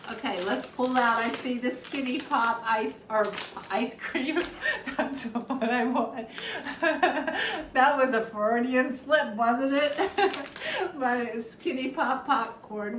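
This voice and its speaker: A woman's voice: medium pitch, fairly bright tone. A woman chatting casually while unboxing a gift, gushing, gasping and exclaiming as she goes, teary and sniffling at times. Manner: gushing, gasps and exclaims often. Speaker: YouTube unboxing vlogger. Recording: roomy sound, distant mic, faint background noise.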